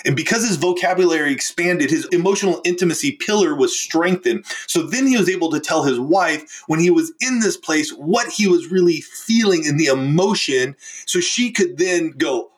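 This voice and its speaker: A man's voice: on the high side, lively intonation, moderate pace. A man, a relationship coach, telling a client's story as a podcast guest, earnest and emphatic. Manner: earnest, emphatic, acts out quoted speech. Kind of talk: conversational storytelling.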